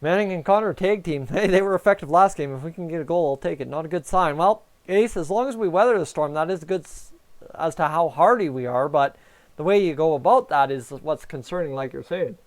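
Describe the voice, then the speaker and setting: Nervous high-voiced fan streamer. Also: male voice, brisk. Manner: nervous, excitable, talks to chat. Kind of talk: live game reaction commentary.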